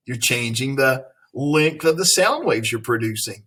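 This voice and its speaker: A man's voice: mid-range voice, a little slow, few pauses, fairly bright tone, breathy edge. A man teacher reading a science text aloud to his students, adding friendly, playful asides and questions. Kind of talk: recorded classroom lesson reading aloud.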